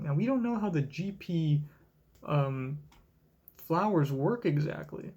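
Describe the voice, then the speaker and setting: Excitable young man reacting live. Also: a little high, takes it slowly, breathy edge. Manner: excitable, profane, thinking aloud. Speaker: reaction streamer. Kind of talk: live manga reading reaction.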